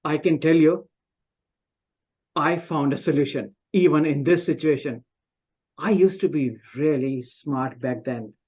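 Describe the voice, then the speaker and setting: Guy telling a funny story about himself on a video call, takes it really slow, little muffled sound. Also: on the high side, a little mellow, breathy edge. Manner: self-mocking, with pauses and restarts. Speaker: club speaker. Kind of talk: humorous personal storytelling speech.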